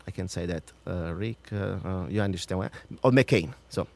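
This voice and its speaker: A man's voice: moderate pace, gravelly, few pauses, no echo. Emphatic accented man ranting on air. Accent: non-native. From outside the United States. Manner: ranting, emphatic, swings from loud to low. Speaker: radio show host. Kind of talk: passionate political radio talk.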